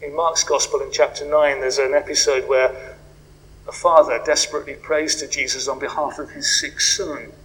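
A man preaching a sermon in a reflective way, moving between hushed questions and swells of emphasis. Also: medium pitch, flat delivery, moderate pace, rough recording.

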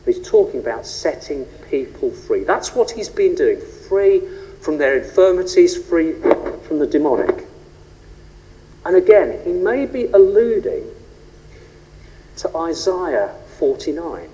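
A man preaching a sermon, rhetorical and animated, rising and falling for emphasis. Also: unhurried, lo-fi sound. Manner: animated, rhetorical, shifts pitch and pace for emphasis. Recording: long reverb of a large hall.

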